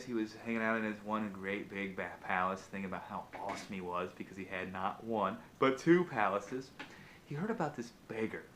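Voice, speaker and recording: A man vlogging, telling a motivational fable in an animated, casual way with frequent restarts. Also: lowish voice, slight background noise. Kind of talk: motivational storytelling.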